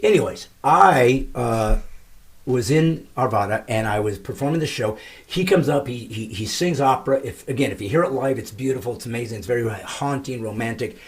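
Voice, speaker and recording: A middle-aged man hosting his comedy podcast, telling stories with emphatic, shouted punchlines. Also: mid-range voice, normal speed. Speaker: comedian host. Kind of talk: comedic podcast monologue and banter.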